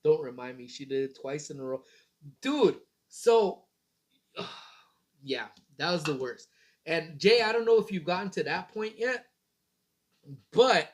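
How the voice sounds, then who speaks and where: A man's voice: fairly high pitch, lively intonation, unhurried, long pauses. Laid-back man chatting on a livestream. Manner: rambling, laid-back, swears casually. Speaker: livestream host. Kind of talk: casual morning livestream chat.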